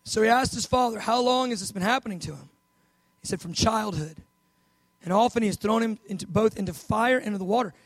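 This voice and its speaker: A man preaching with a high, lively voice, acting out Bible scenes with loud bursts and soft asides. The sound is close and dry, with no room echo. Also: quick pace. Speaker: pastor. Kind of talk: sermon.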